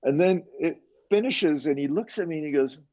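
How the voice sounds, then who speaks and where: Older man telling animated studio stories. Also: a little high, a little fast. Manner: animated anecdotes, quoting others, chuckling. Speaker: mixing engineer guest. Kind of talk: casual interview storytelling. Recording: dull lo-fi sound.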